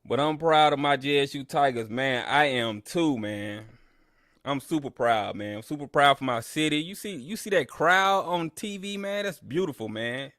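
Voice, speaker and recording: Speaking at normal speed with a medium-pitched, fairly bright voice, this man hosts a live listen-along for a sports broadcast, recorded dry with clean studio sound. He talks straight to his viewers, first bragging and trash-talking rivals, then ranting complaints at the broadcaster.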